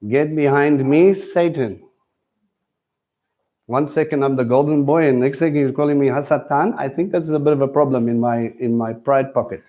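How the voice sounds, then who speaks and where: Speaking fast with few pauses, a teacher at a Messianic congregation gives a live, conversational sermon full of questions aimed at his audience. His mid-range voice keeps fairly even intonation, and the audio is narrow and tinny.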